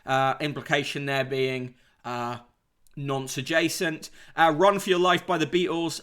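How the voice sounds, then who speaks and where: A man's voice: a little high, steady tone, unhurried, sharp tone. A man hosting a casual livestream, reading out newspaper headlines and chat comments with sardonic asides, swearing and frequent fillers. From United Kingdom.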